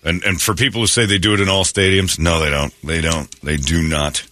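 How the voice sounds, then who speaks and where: Low-voiced and fairly quick, a man hosts a morning radio show in a casual, chatty way. He tells animated stories, voicing both sides of conversations, shares blunt opinions, and lets a swear word slip now and then.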